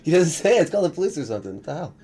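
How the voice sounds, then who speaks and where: A man's voice: a little high, very animated, rapid-fire, mellow, husky. A young man hosting a reaction video, commenting sarcastically and swearing as he mocks what he watches. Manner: sarcastic, swearing, laughing often.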